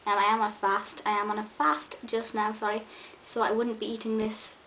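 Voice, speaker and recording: A woman's voice: fairly high pitch, little pitch movement, a little fast, fairly bright tone, rough recording. A young woman, chatting eagerly to camera in a vlog, with many ums and restarts. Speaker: vlogger. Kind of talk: casual chat to camera. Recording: faint hiss.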